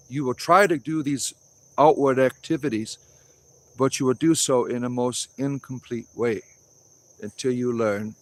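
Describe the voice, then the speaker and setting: A man hosting a casual livestream outdoors, reading and answering chat in a blunt, offhand way, with preachy asides. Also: mid-range voice. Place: outdoors in a wooded grove.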